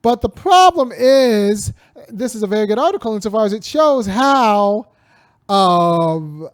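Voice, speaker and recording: A man's voice: high voice, animated, a little slow, clean tone, dry recording. Digressive man in dry commentary. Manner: digressive, talks with frequent restarts and wry laughs. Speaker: host and commentator. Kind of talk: casual spoken commentary.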